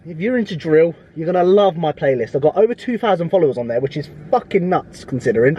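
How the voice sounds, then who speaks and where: A man's voice: on the high side, mellow, muffled recording, slight background noise. Sweary bloke vlogging from his car. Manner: profane, blokey banter. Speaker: fitness vlogger and coach. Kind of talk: casual vlog chat. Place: parked car in a car park.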